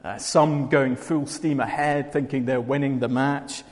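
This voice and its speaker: A man's voice: mid-range voice, steady tone, a little slow, darkish tone. A Scottish man giving a sermon in a conversational way, with dry humour. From Scotland. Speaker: preacher. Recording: long hall reverb.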